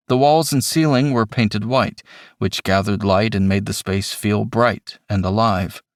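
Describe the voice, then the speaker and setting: A man narrating an audiobook in first person, with reflective, measured storytelling, on a close mic in a recording booth. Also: fairly low pitch, no echo.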